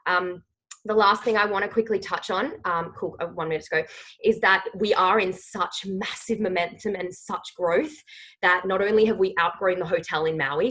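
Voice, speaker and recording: Husky-voiced woman giving an emphatic pep talk. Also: lowish voice, fairly bright tone, poor audio. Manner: emphatic, rallying, says "okay?" often. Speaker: team leader on a training call. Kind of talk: motivational team call.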